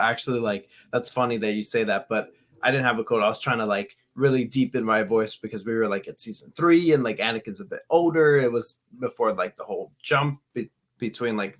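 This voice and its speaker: A man co-hosting a fan podcast, telling stories in an animated way with restarts. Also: mid-range voice, fairly quick. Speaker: podcast co-host. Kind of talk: casual podcast chat.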